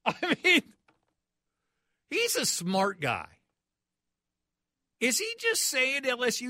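A man's voice: very high-pitched, huge pitch swings, takes it slowly, pauses often, sharp tone, no room sound, clean studio sound. A man hosting a sports talk radio show, ranting in a mocking, incredulous way.

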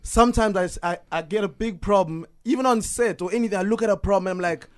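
A South African man with a high, bright speaking voice telling lively stories as a guest in a radio studio. The sound is close and dry on a studio mic. He is animated and expressive and often slips into voices. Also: quick pace, no echo. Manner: animated, storytelling, shifts into voices. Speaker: guest comedian. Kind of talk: radio interview chat.

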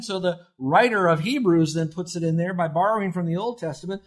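A middle-aged man delivers a sermon as a pastor, his voice a little husky and worn at the edges. He speaks earnestly and directly to his listeners. When he quotes scripture, his pitch lifts and his voice grows louder. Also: fairly quick, hardly any pauses, rough recording.

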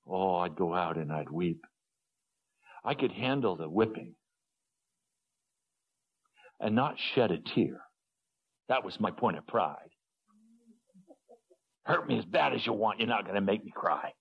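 A man preaching an earnest sermon, dropping to low hushed tones and rising to pleading ones. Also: lively intonation, a little slow, vocal fry, pauses often, husky. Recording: dull lo-fi sermon recording.

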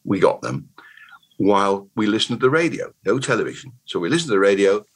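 A man in his eighties with a Bristol accent, telling stories as an interview guest in a rambling, animated way. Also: on the low side, fast talker, slightly rough, poor audio. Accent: Bristol English. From Bristol, England. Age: 80s. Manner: rambling, animated, restarts words often. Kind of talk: casual conversational storytelling.

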